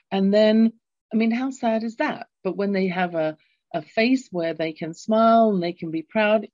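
A woman's voice: fairly low pitch, darkish tone, no room sound. Earnest woman in her fifties, lo-fi. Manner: earnest, inspirational storytelling. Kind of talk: conversational interview. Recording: dull lo-fi sound.

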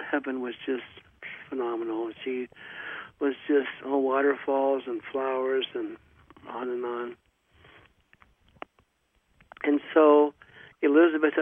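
A man hosting a radio show, telling a long story in a rambling, halting way with many pauses and restarts. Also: medium pitch, dry recording. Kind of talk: casual storytelling monologue. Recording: dry, tinny phone-like radio sound.

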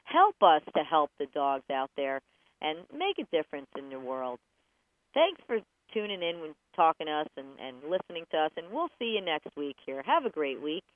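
A woman's voice: deep voice, moderate pace, no echo. Chatty woman radio host, tinny line. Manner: chatty, animated, jokey, acts out voices. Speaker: radio show host and dog trainer. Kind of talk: casual radio talk show advice. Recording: dry, tinny phone-like radio sound.

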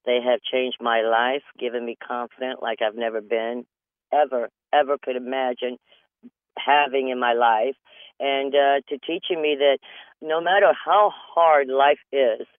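A man's voice: mid-range voice, steady tone, measured pace, smooth, no echo. A man hosting a comedy show, talking through a rambling comedic monologue from a closet over the phone and laughing at his own jokes. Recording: tinny phone line, dry small space.

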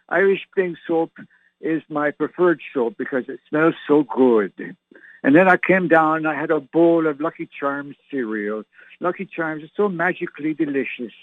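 A man's voice: fairly high pitch, dry recording. Older man in his sixties, rambling solo host, chatty and jokey, recorded dry over a tinny phone-like line. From Canada. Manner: chatty, joking, meandering. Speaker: show host. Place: enclosed patio at home.

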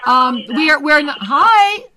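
A woman co-hosting a live spiritual call-in radio show, effusive and emotional, often dropping to a hushed, breathy voice. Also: high-pitched, expressive, a little slow. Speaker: co-host and intuitive reader.

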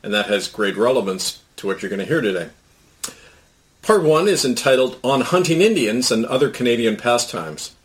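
A man reads his own commentary column aloud with a dry, sardonic edge, moving between wry jokes and storytelling. His voice is mid-pitched and sounds set back from the microphone. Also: lively intonation, moderate pace, recorded from a distance. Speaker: commentator and host.

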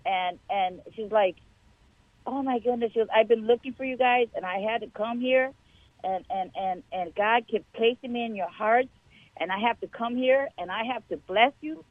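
A woman telling a personal faith story to a church show host in a chatty, animated way. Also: a little high, moderate pace, no echo. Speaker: guest caller sharing a testimony. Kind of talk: casual testimony. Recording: tinny phone line.

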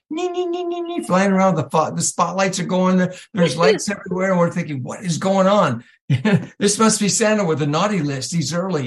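A middle-aged man telling a family story in a lively, laughing way. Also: high-pitched, poor audio. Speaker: storyteller on a talk show. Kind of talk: casual storytelling.

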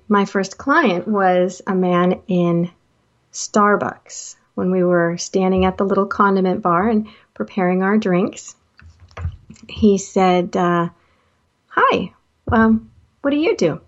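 A middle-aged woman, a life coach, telling stories from her work in a casual talk, acting out the dialogue with excited jumps in pitch. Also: unhurried. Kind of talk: personal storytelling talk. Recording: slightly dull lo-fi audio.

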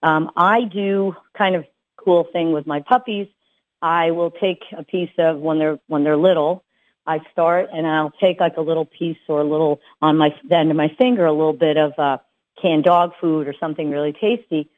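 A woman's voice: low-pitched, fairly even intonation, normal speed. A woman dog trainer giving casual advice, chatty and full of fillers and restarts. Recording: tinny phone-like sound.

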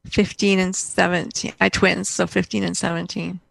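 A woman's voice: on the low side, flat delivery, moderate pace, vocal fry, no echo. A middle-aged woman, a guest in conversation, telling a personal story in a rambling way with many restarts and fillers.

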